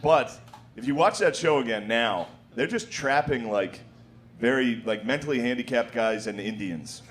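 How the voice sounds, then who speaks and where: A man's voice: medium pitch, expressive, normal speed, background noise. A man riffing crudely in casual podcast banter, rambling and laughing at his own jokes. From United States. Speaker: comedian.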